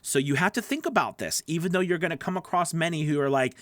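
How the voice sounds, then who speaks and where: A man's voice: fairly high pitch, lively intonation, quick pace, fairly bright tone, no room sound. Chatty man coaching in a dry studio. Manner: chatty and encouraging, answers viewer questions. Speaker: voice-over coach. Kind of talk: live-stream Q&A teaching. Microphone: studio microphone.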